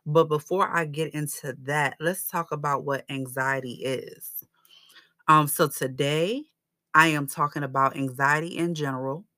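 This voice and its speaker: Low-voiced, unhurried woman podcaster. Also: fairly even intonation, sharp tone, dry recording, clean studio sound. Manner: earnest, conversational, emphatic when declaring faith. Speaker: podcast host. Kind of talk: casual faith-based podcast monologue.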